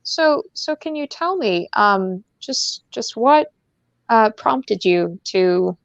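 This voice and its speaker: A woman imitating a gentle female radio interviewer who asks a question slowly and hesitantly. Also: fairly high pitch, animated, gravelly, no room sound, muffled recording, exaggerated voice. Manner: soft, halting, gently probing.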